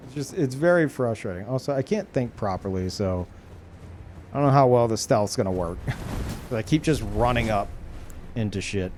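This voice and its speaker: A man's voice: medium pitch, animated, moderate pace, a little mellow, slight background noise. A young man streaming live gameplay, ranting in exasperation, laughing and swearing as he plays.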